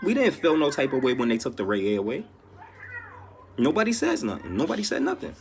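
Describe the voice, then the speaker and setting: A man's voice: medium pitch, huge pitch swings, brisk, slight background noise. A man with a New York accent ranting casually, emphatic and exasperated, often swearing. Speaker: reaction commentator. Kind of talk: casual reaction rant.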